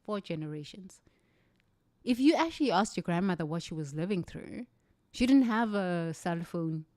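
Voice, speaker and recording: A woman's voice: on the low side, animated, moderate pace, darkish tone, no echo, clean studio sound. A middle-aged South African woman, a native Zulu speaker, giving an impassioned motivational talk with emphatic, repeated phrases. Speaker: livestream speaker.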